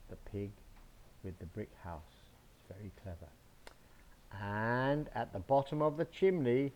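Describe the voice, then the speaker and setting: A man reading a picture book aloud to children, slow and expressive, adding sound effects. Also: mid-range voice, muffled recording. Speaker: storyteller.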